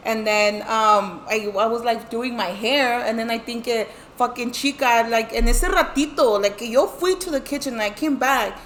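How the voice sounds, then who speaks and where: Her voice runs on the high side and a bit bright, at a normal speed with hardly any pauses, over slight background noise. A middle-aged woman telling her life story as a guest, she recounts a family story casually in English and Spanish, acting out the voices, swearing heavily, and using many fillers.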